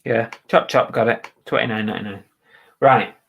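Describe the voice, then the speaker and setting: An English man from the UK with a mid-range, steady, creaky voice talks at a moderate pace on lo-fi audio. Livestreaming as an eBay reseller, he chats casually and bluntly while listing items for resale and reading out viewers' comments.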